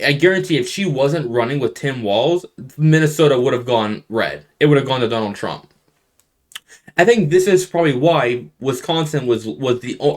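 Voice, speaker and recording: Young male commentator, casual map breakdown, restarts a lot, mid-pitched voice, emphatic on the big points. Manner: rambling, restarts sentences, animated emphasis. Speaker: political commentator. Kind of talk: casual election map analysis.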